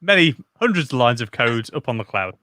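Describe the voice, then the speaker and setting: A chatty man speaks in a casual co-host role, leaning on frequent fillers. His voice is bright and forward, and the sound is dry and close to the mic. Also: medium pitch, big pitch swings, a little fast, no echo. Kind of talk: casual chat.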